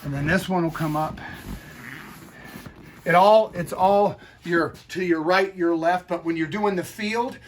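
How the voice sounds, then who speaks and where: A man's voice: sits high, unhurried. A man teaching boat seat upholstery as a hands-on demonstration, talking the viewer through each step and checking in with "okay?". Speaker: upholstery instructor.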